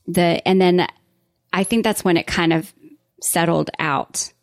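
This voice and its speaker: A woman with a mild Southern US accent talks as a guest on a casual podcast. Her voice sits slightly low, and her delivery is friendly, upbeat and chatty. The recording is dry and close to the mic. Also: fairly even intonation, a little slow, gravelly, dry recording. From Atlanta, Georgia, USA.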